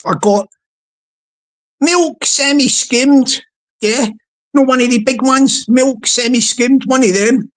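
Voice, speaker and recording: A high-pitched woman hosts a casual livestream. She rambles in a playful, sing-song way, repeating words and restarting phrases as she goes. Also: takes it slowly, long pauses, poor audio. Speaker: livestream host.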